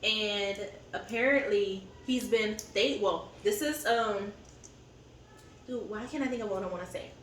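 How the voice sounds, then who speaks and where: A woman's voice: mid-range voice, measured pace, fairly bright tone, slight background noise. Candid woman venting on distant camera. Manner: candid, venting, rambling with fillers. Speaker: co-host of a family eating channel. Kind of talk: casual chat over a meal. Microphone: camera set up at a distance. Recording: roomy echo, distant mic, faint ambience.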